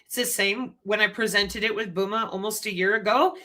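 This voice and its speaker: Bright-voiced woman lecturing to her channel. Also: medium pitch, brisk. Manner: animated, conspiratorial lecturing with rhetorical questions. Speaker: channel host. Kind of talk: commentary.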